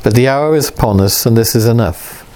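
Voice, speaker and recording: A man reading aloud the lines of an ancient spirit who rules a world, in a stately, unhurried way. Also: medium pitch, mellow, natural voice.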